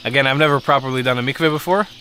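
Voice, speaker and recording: A young man vlogging on a hike with a camera in hand, relaxed and chatty, swearing now and then. His voice sits at an ordinary middle pitch. Clear music plays underneath. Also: rapid-fire. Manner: chatty and candid, swears casually. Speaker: travel vlogger. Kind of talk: casual travel vlog talk. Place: outdoors in countryside by a spring.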